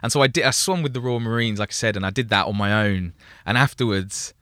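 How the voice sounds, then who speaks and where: Bright-voiced man telling stories. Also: fairly low pitch, quick pace, dry recording. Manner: rambling, self-deprecating, laughs often. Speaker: guest. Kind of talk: casual storytelling interview.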